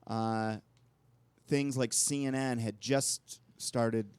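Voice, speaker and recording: A man's voice: mid-range voice, steady tone, slow pace, a little mellow, clean tone, no echo. A man co-hosting a talk show, telling long rambling anecdotes in casual conversation. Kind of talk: casual storytelling chat.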